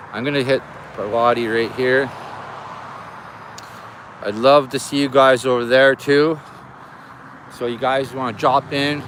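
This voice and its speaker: A man's voice: medium pitch, noisy background. Chatty man live-streaming outdoors. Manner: chatty, greeting viewers by name. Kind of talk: casual live-stream chat. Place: outdoors near an air base.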